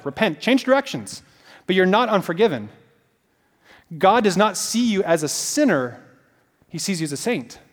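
A man with a high-pitched voice delivers a sermon. He tells stories in a loose, animated way, full of casual fillers. His voice rings out with long reverb, as if heard in a large hall. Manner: animated storytelling with many fillers. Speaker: pastor.

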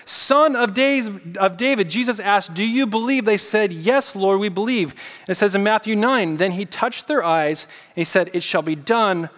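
A man preaching a casual, animated sermon and getting the congregation to repeat words back to him. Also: sits high, moderate pace, big-room sound. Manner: casual, animated preaching with audience call-and-response. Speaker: pastor.

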